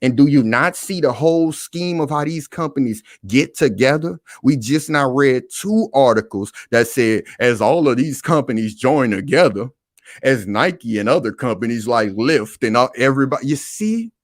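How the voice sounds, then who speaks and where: Over a studio-quality recording with no echo, a man speaks in a mid-range voice at a moderate pace. He hosts a live stream casually, preaching and calling out to viewers again and again.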